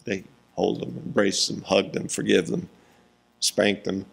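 Slow, gravelly-voiced male preacher. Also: deep voice, monotone. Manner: slow, deliberate scripture reading with emphatic pauses; chuckles between points. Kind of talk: sermon.

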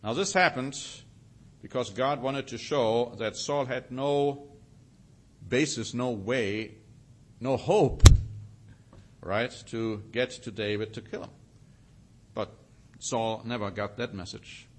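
A man teaching a sermon, reading scripture with rising emphasis and slowing down to stress single words. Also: medium pitch, slight background noise. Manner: reads scripture aloud with rising emphasis, then comments. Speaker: preacher.

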